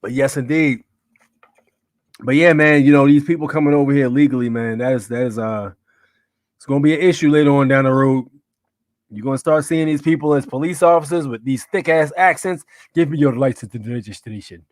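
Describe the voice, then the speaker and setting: A man's voice: on the high side, fairly even intonation, fairly quick, no echo, clean studio sound. A man hosting a live stream, reacting to clips in slangy, rambling casual commentary, talking to his chat. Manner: slangy, rambling, many fillers and "you know what I'm saying". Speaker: livestream host.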